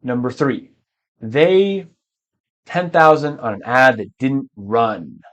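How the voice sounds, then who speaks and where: Male english teacher, talks real slow, keeps clearing his throat, drops into spanish to explain stuff. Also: medium pitch, animated, lo-fi sound. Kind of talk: language lesson.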